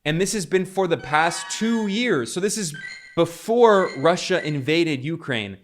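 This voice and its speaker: A man's voice: fairly high pitch, expressive, a little slow, faint music behind. Emphatic, polemical male commentator. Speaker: political commentator. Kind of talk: monologue commentary.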